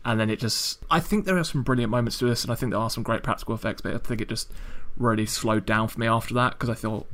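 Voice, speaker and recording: A man's voice: medium pitch, fast, a bit bright. A man in a casual film chat, weighing up his opinion with careful qualifications.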